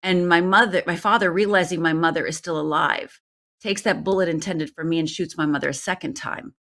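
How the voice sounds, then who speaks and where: Bright-voiced woman telling her story. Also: fairly low pitch, steady tone, a little fast. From Upper Michigan. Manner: earnest, personal storytelling that addresses the host directly. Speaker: life coach guest. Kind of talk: storytelling in a podcast interview. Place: Los Angeles.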